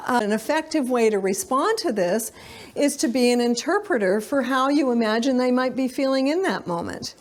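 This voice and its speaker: Speaking to a live audience, a middle-aged woman delivers a parenting lecture in a slightly high, expressive voice at a moderate pace. Her style is conversational, full of fillers, and she sometimes acts out what children say.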